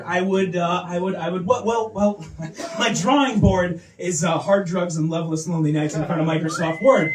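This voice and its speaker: A man doing a crude, rambling stand-up comedy set, often shouting and laughing. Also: high-pitched, normal speed, recorded from a distance, noisy background. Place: small comedy venue.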